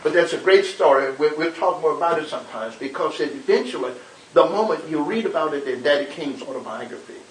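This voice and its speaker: An older minister recalls the past in a lively, storytelling voice, stumbling over repeated words as he goes. He sounds far from the mic in an echoey room. A steady hiss runs under the whole recording. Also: a little high, fairly quick. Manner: animated storyteller, dramatic quotes, many repeated words. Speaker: civil rights era minister recounting history. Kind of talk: conversational storytelling interview.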